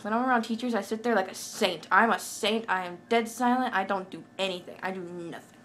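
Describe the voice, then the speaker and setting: A woman's voice: on the high side, quick pace, a bit bright, a little hiss or hum. A young woman vlogging in a hyper, giggly way, rambling from one random thing to the next. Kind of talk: casual hyper rambling chat.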